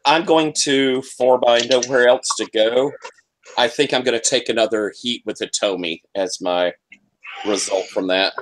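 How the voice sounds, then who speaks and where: A friendly, enthusiastic man from South Carolina chats as a player in a tabletop game. His voice sits at an average pitch for a man, and he often slips in "you know" as he describes his moves. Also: fairly even intonation, normal speed. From South Carolina, USA. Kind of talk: casual chat at a tabletop game.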